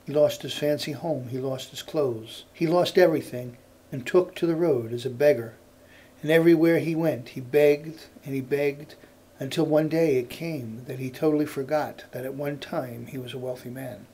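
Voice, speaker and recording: A male storyteller telling a folk tale in an unhurried cadence that repeats phrases for effect. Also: medium pitch, fairly even intonation, dark tone, breathy edge.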